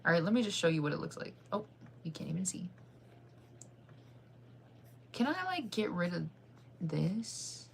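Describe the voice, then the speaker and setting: A woman streamer chatting casually with her viewers, giggly and quick to get excited. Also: lowish voice, gravelly, slight background noise. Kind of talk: casual livestream chat with viewers.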